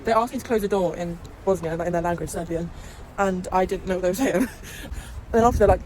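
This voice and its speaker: A woman's voice: medium pitch, fast talker, dark tone, a little hiss or hum. A young British woman vlogging on her travels in a chatty, rambling way, swearing freely and laughing often. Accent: British English. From Britain. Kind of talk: casual chatty travel vlog. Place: outdoors while travelling.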